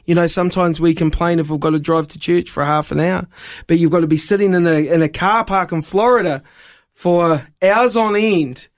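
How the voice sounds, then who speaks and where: A high-voiced man from New Zealand, an evangelist guest, tells a story on a radio show at normal speed. He is an animated storyteller whose voice climbs high when he gets excited.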